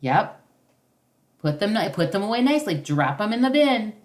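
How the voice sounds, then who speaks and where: A parenting workshop facilitator leads a class over a video call, encouraging participants while using many fillers and restarts. She has a mid-range voice, very animated, at normal speed.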